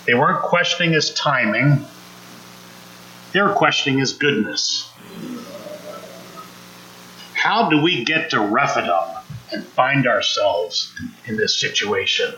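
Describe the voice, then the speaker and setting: Bright, animated preacher man. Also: medium pitch, unhurried, pauses often, roomy sound, poor audio. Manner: conversational, acts out quotes, asks the congregation questions. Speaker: pastor. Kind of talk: sermon.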